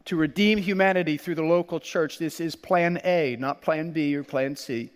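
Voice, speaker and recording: A man preaching a sermon as pastor, animated, laughing often and acting out quoted lines. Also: fairly high pitch, normal speed, smooth, in a large hall.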